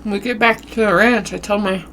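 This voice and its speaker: A woman vlogger casually telling a spooky story while eating, with a runny nose and an animated, drawn-out way of talking. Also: medium pitch, a little hiss or hum. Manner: animated storytelling with southern-style "y'all". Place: home, eating on camera.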